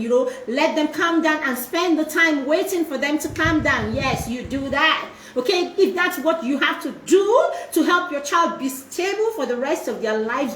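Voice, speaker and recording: A woman's voice: high-pitched, a bit bright, reverberant, a little hiss or hum. A woman giving a live-streamed parenting talk as a mentor, repeating herself and checking in often with "okay?" and "right?". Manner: repetitive, checking in with frequent tag questions.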